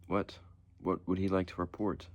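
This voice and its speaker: A man's voice: deep voice, little pitch movement, normal speed, dry recording, natural voice. A man voicing a polite, bemused male police sergeant speaking over the phone.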